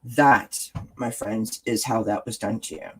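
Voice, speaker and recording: A man's voice: fairly low pitch, steady tone, unhurried, slightly rough, rough recording. Earnest man giving encouraging advice. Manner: earnest and encouraging, repeats phrases. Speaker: host. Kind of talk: casual wellness chat to viewers.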